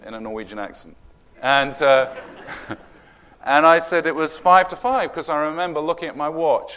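A man preaching a sermon, telling a story in an earnest way and slowing down to stress key words. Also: mid-range voice, a bit bright.

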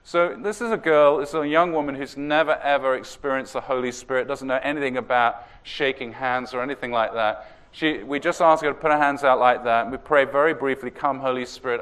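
A man preaching a sermon, telling a story in an earnest way and slowing down to stress key words. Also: medium pitch, fairly bright tone.

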